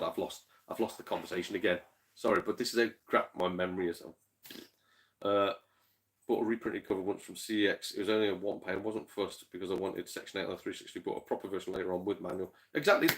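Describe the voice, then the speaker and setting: A man talks loosely to his livestream audience, drifting from topic to topic. His voice sits a little low. He swears freely, chuckles often, and is quick to work himself into a rant. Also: expressive. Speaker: game collector streamer. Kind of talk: casual livestream chat with viewers.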